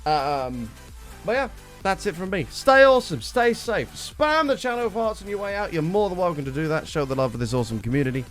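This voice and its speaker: Lively streamer guy, voice worn. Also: sits high, a little fast, faint music behind. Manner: chatty, excitable, swears casually. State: voice worn and strained. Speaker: livestreamer. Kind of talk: casual stream chat.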